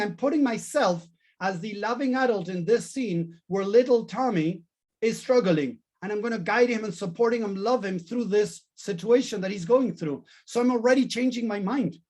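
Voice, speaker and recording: Earnest high-voiced man teaching therapy. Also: darkish tone. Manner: earnest, repetitive, addresses listeners as people. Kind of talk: teaching a therapy training class.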